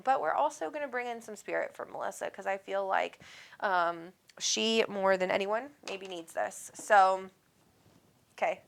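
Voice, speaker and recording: A woman's voice: mid-range voice, fairly bright tone. A woman hosting a live call-in show, chatting casually in a bubbly, affectionate way and laughing often. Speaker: psychic medium show host. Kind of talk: casual live-stream chat.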